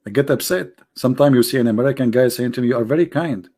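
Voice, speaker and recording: A man with an Arabic accent hosts a live debate stream in a casual, mocking tone. His voice sits at an ordinary middle pitch. He keeps throwing out sarcastic rhetorical questions in loose English. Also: racing, darkish tone. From Arab world. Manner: loose, broken grammar with many "like" and "brother".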